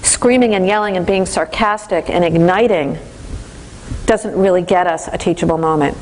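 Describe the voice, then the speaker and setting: A woman instructor giving a lively, conversational lecture in a classroom, speaking straight to the class. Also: fairly low pitch, moderate pace, a little hiss or hum, low-quality recording.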